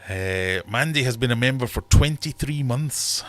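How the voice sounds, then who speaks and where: A man's voice: medium pitch, lively intonation, moderate pace, fairly bright tone. A British man in his thirties hosting a casual livestream from his fish room, rambling and joking as he reads out viewers' comments. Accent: British English. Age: 30s. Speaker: livestream host.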